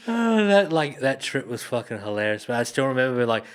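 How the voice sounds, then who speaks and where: A man's voice: mid-range voice, a little fast, hardly any pauses, clean tone. A young man, a comedian guest, telling a story in casual chat, swearing often and laughing as he goes. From Australia. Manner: profane, laughing, animated retelling.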